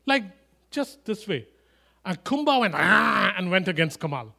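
A man preaching a sermon, animated and emphatic, with chatty asides and humorous stories. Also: high voice, moderate pace. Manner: animated, rising to loud emphatic declarations.

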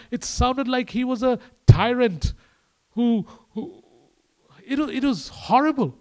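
A man with a high voice delivers a sermon in a loose, conversational way. He swings from hushed, intimate passages to emphatic, lifted ones, and talks to his listeners as casually as he would to friends. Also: takes it slowly. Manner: animated, swings between quiet and emphatic. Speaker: preacher.

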